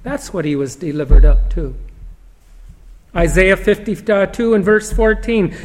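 Man, preacher, sermon, slow emphatic scripture reading, long hall reverb. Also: high-pitched, a bit bright.

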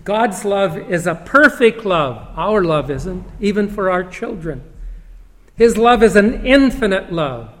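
A man preaching a sermon, reading scripture slowly and emphatically, with long pauses. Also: sits high, animated, fairly bright tone. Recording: long hall reverb.

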